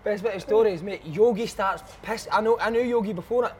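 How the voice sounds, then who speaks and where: Fast-talking Scottish man telling stories. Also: high-pitched, a loud crowd. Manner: swearing, animated anecdote telling. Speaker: podcast host, former footballer. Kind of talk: casual storytelling chat.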